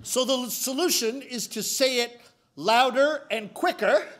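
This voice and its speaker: Male storyteller, very high pitch, animated and exasperated comic delivery. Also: unhurried, background noise. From Canada. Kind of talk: comedic storytelling.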